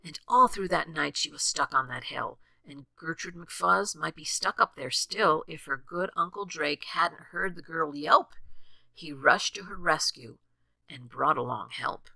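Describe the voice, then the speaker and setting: An older woman reading a rhyming storybook aloud with expressive, sing-song rhythm. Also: low-pitched, measured pace, gravelly, dry recording.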